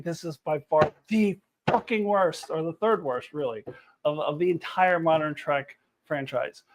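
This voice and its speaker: A woman reviewing TV episodes to camera, ranting in an exasperated, animated way with frequent laughter and swearing. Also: on the low side. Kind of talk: unscripted review rant to camera.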